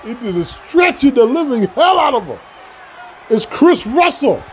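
A man giving excitable play-by-play commentary on a wrestling video game, repeating phrases and breaking into shouts at big moves. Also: very high voice, a little slow. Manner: repeats phrases and restarts mid-call. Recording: loud game crowd and noise behind. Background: video game arena crowd noise.

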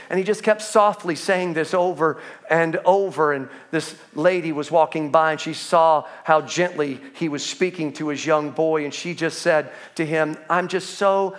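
High-voiced emphatic man preaching. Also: a bit bright. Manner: earnest, emphatic preaching with slowed stressed phrases. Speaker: pastor. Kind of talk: sermon.

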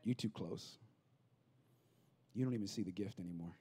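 A pastor preaching a lively, humorous sermon, acting out the people he quotes. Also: low voice, moderate pace, slightly rough. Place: church auditorium.

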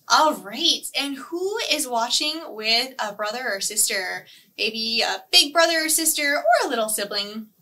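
A woman librarian leading a children's storytime, sing-song and animated as she speaks to young kids. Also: sits high, moderate pace, distant mic.

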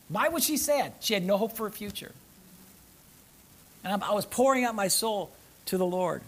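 In a church sanctuary, a male pastor preaches a sermon at a brisk pace, reading scripture aloud and repeating phrases. He swings between loud, urgent emphasis and low, soft asides.

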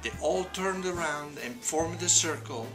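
Guy from naples telling a story, laid back, lots of uhs, music behind. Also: a little high. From Naples, Italy. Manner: relaxed, many fillers, drawn-out emphasis. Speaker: vlogger. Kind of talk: casual storytelling.

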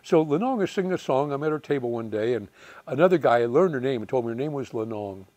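A man in his eighties, a retired fighter pilot telling lively war anecdotes, chuckling and acting out the voices of people he quotes. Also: medium pitch, fast talker, no room sound. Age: 80s. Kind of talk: storytelling anecdotes.

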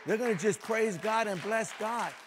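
A middle-aged man preaching a lively, folksy sermon as a pastor, joking with the congregation and swinging between soft and loud. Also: high voice, normal speed, crowd noise, background noise. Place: church sanctuary before a congregation.

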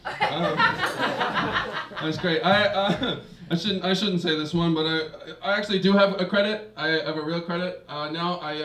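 A young man doing a stand-up set, halting with lots of fillers and restarts. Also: high voice. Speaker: stand-up comedian. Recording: roomy, distant mic, hissy noise.

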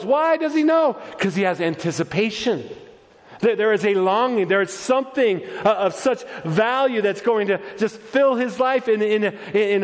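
High-voiced animated pastor preaching. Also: male voice, big-room sound. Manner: animated storytelling, acts out voices, many restarts. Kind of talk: sermon. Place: church.

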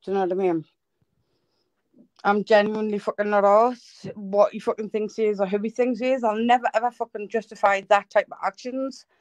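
A woman's voice: medium pitch, fairly even intonation, a little fast, darkish tone, dry recording, lo-fi sound. A woman hosting a live stream, ranting in a sweary, heated, blunt way. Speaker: livestream host.

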